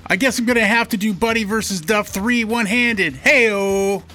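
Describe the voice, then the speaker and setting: A man's voice: high voice, moderate pace, bright, forceful tone, faint music behind. A man doing a put-on New Jersey accent as a cocky male baker, drawling and punchy, in a radio impression bit. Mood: boastful. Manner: drawling, punchy "hey" catchphrase.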